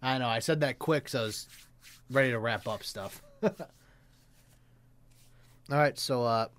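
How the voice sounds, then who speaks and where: Man, podcast host, casual joking chat, frequent laughter, average pitch. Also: measured pace, crowd noise. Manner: laughs often, loose and joking.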